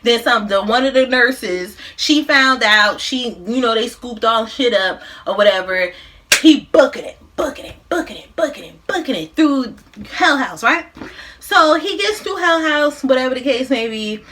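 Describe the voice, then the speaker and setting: A woman's voice: on the high side, animated, normal speed, a bit bright, slight background noise. A woman in her thirties, a mukbang vlogger, casually recapping a movie plot while she eats, in a loose, profane, slangy way.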